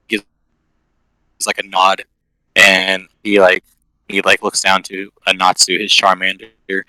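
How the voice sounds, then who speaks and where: A man narrating a tabletop role-playing game as game master, in a casual, halting manner with many fillers. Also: sits low, level tone, pushed and bright, dry recording, poor audio.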